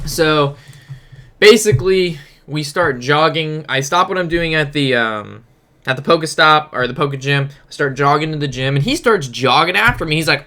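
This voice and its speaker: A man's voice: a little high, animated, normal speed, bright, forceful tone. A young man casually telling a rambling, profane story while commenting on a card game. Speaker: gaming streamer.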